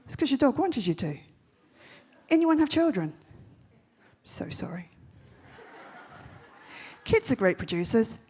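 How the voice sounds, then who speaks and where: A woman giving a comic keynote talk on stage, telling punchy stories with quick, brash jokes. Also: on the high side, very animated, darkish tone, husky. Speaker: festival speaker. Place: large event stage.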